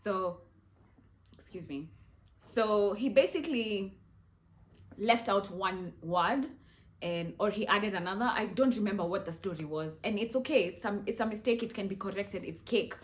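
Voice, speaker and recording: A woman's voice: medium pitch, moderate pace. Chatty Kenyan woman telling a story. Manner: chatty, animated, mixes in Swahili. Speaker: vlogger. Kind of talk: casual storytime.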